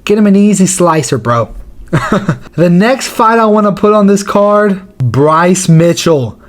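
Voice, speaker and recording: A man speaks casually as host of his own channel, with a voice on the higher side for a man. He talks in slangy, profane commentary, and his delivery is loose and offhand. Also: lively intonation, measured pace.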